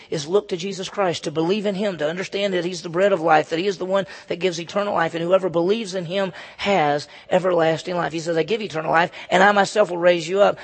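Husky, high-voiced man preaching. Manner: emphatic, repeats key phrases. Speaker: pastor. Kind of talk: expository sermon. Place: church with a congregation.

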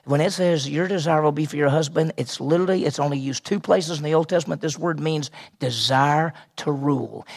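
A man's voice: on the high side, fairly quick, vocal fry. A man preaching a sermon and teaching through a passage, asking his listeners questions and repeating key phrases. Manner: asks the audience questions and answers them, repeats key phrases.

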